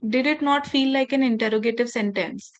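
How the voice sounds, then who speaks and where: A woman trainer talks to a group of teachers in a slightly raised register. She speaks deliberately, with pointed pauses, and addresses her listeners directly with instructions. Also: fairly high pitch, muffled recording. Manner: measured and deliberate, with emphatic pauses. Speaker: faculty development trainer. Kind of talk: workshop talk to teachers.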